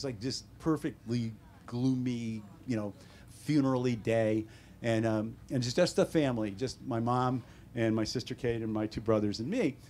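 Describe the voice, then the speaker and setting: A man in his seventies with an American accent, an author telling wry, deadpan stories at a bookstore talk. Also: medium pitch. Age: 70s. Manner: wry, deadpan humor with animated quoted voices. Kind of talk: casual storytelling Q&A. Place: bookstore event room.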